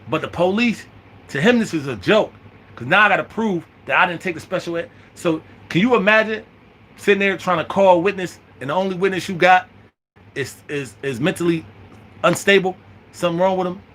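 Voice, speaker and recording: A man in his thirties telling a prison story in an animated, profane, slang-heavy way, with lots of restarts. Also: on the high side. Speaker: vlogger. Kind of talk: storytime monologue.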